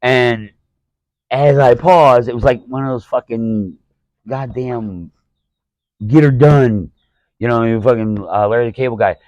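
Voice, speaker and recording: A man's voice: mid-range voice, measured pace, long pauses, a little mellow, no echo, low-quality recording. A man telling a profane, exasperated story about a show as a stand-up comedian. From Alabama. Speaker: stand-up comedian, podcast host. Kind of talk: casual storytelling rant.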